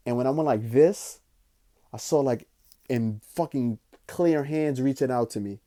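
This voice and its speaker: A young man telling a personal story in a casual, animated way, swearing often and filling his talk with "like". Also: mid-range voice, normal speed. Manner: animated, profane, frequent "like" fillers. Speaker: podcast host.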